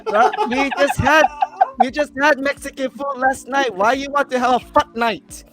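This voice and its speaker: A man's voice: sits high, lively intonation, fast, a bit bright, soft background music. A man voicing a doting, nosy grandma who fusses and scolds in teasing questions.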